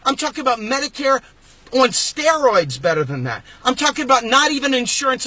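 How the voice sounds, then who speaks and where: A man hosting his own political channel, delivering an angry, emphatic rant and sometimes shouting. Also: very high voice, sing-song, fairly quick. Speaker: host of a political video channel. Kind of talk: impassioned political rant to camera.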